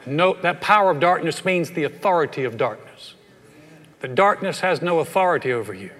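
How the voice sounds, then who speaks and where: Preacher man, a bit high voice, folksy and lively, big echoey church hall. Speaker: pastor. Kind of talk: humorous sermon. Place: large church sanctuary. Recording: echoey hall with long reverb.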